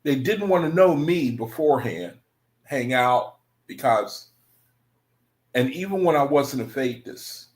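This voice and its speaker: A man's voice: mid-range voice, lively intonation, a little slow. A man hosting an online study group, talking casually and rambling, repeating himself and calling his viewers brethren. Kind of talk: casual livestream talk to viewers.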